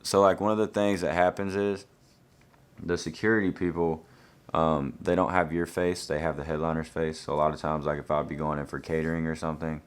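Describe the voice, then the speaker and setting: Very deep-voiced young man. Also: flat delivery, brisk, clear, resonant tone. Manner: laid-back, easygoing answers. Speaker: country singer answering fan questions. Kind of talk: casual Q&A, reading out fan questions.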